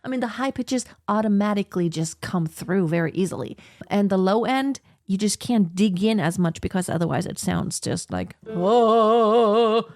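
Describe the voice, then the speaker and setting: A woman teaching singing, explaining slowly and breaking into sung operatic soprano examples. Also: medium pitch, expressive, vocal fry, a little mellow, no room sound. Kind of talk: vocal lesson with sung demonstrations.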